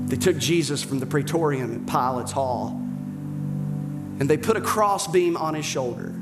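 A man preaching a sermon as dramatic storytelling, slowing down and dropping almost to a whisper. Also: medium pitch. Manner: dramatic storytelling, slows and drops to near whispers. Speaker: pastor.

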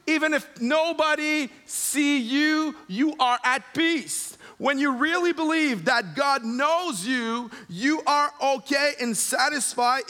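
A man preaching a sermon, emphatic and repeating phrases for effect, dropping to a soft low voice when he leads prayer.

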